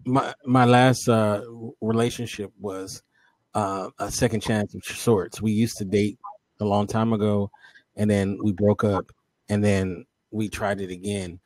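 Halting man reading viewer comments. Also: lowish voice, little pitch movement, darkish tone, no room sound. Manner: halting, many fillers and restarts. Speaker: co-host.

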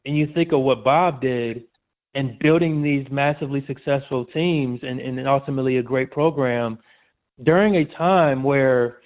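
A man's voice: mid-range voice, normal speed. A man as a podcast guest, chatting casually with frequent restarts and calling the host "man". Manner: casual, repeats and restarts, says "man" often. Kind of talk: casual interview chat. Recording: tinny phone-like audio.

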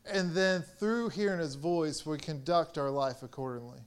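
A man's voice: on the high side, moderate pace, clean tone. A young man preaching a sermon as pastor, earnest and rising in force on key points.

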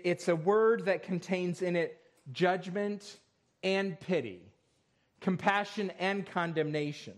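A man preaching a sermon in a church, reading scripture with rising force and then explaining it in a calmer, conversational way. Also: on the high side, a little slow. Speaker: pastor. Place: church sanctuary.

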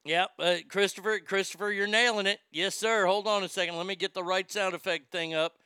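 High, bright-voiced man ranting bluntly. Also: steady tone, a little fast, clean tone, no room sound, studio quality. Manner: blunt, profane, sarcastic; reads listener comments aloud. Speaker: radio talk show host. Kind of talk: ranting talk show monologue.

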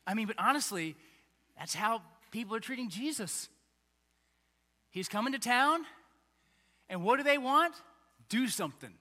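A man preaching a conversational, animated sermon as pastor, acting out little voices along the way. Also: extremely high pitch, normal speed, long pauses. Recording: long hall reverb.

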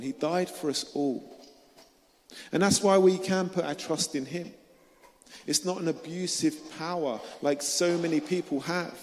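A man's voice: fairly high pitch, in a large hall. A man preaching a sermon in an earnest way, often turning to ask his listeners direct questions.

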